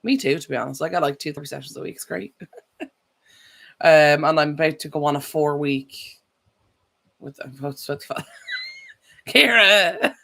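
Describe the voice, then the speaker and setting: A woman's voice: deep voice, fairly even intonation, brisk, vocal fry, long pauses. A woman chatting casually on a live stream, rambling and correcting herself as she goes. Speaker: vlogger.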